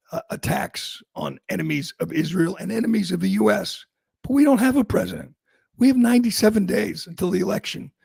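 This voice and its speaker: Gravelly sarcastic talk radio man. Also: high voice, darkish tone, no echo. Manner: sarcastic, emphatic, mocking. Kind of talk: opinionated talk radio monologue.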